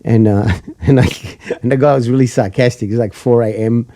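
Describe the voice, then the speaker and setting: A man on a podcast spinning a long funny anecdote, laughing as he goes. His voice is dark and mellow and the sound is dry and close. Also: mid-range voice, fairly quick, no echo. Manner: animated anecdote telling, laughing often; acts out other people's lines in the story. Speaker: podcast guest. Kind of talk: casual storytelling chat.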